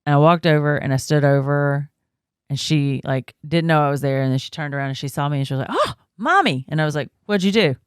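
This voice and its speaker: A woman in her thirties co-hosts a podcast, telling stories in casual chat with many fillers and frequent laughter. Her voice sits low and is clear and resonant, her delivery flat and fast, and the studio sound is clean with no echo.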